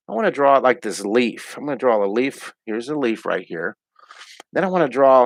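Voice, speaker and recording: A man's voice: medium pitch, vocal fry, a bit bright, no room sound. A middle-aged man hosting a live online drawing lesson from home, chatty and upbeat as he talks through each pencil stroke. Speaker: drawing teacher and host.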